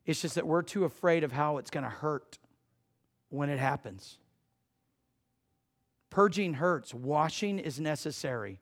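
A middle-aged male pastor preaching with a slightly higher than usual voice. He tells a story softly and quietly, then presses his points with rising emphasis. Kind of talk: sermon.

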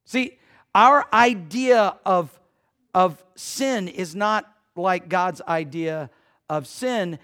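High-voiced preacher man, loud then hushed. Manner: conversational preaching, jokes with the congregation, swings from loud to hushed. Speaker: pastor. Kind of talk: sermon.

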